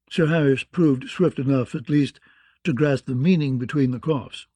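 A man narrating an audiobook in an even, measured way. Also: mid-range voice, dry recording. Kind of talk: scripted narration.

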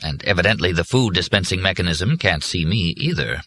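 A man voicing a calm, reassuring godlike being in human form in an audiobook. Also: deep voice, fairly quick, a little hiss or hum.

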